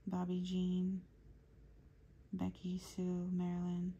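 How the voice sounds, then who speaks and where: A woman giving a channeled tarot reading to her viewers, speaking low and hushed, sometimes slipping into a whisper, rambling through lists of names. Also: monotone, slow, slightly rough, muffled recording. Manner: rambling, listing names as they come. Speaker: tarot reader.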